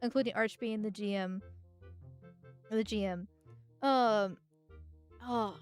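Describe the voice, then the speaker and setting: A woman's voice: mid-range voice, darkish tone, clean tone, faint music behind. A woman streaming gameplay as a vtuber, rambling and often restarting, then erupting into profane rants at the game. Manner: ranting, profane, quick to anger. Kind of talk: live gameplay commentary.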